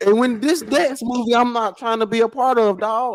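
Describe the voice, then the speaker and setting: A man hosting a casual livestream chat, excitable and profane, jumping between loud outbursts and low muttering, and stumbling when he reads aloud. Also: moderate pace, hardly any pauses, slight background noise, poor audio. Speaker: livestream host.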